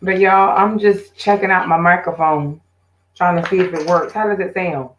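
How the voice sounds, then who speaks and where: A woman's voice: on the low side, fairly even intonation, moderate pace, low-quality recording. A woman hosting her own live stream, chatting casually and directly with her viewers. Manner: chatty, talks straight to viewers.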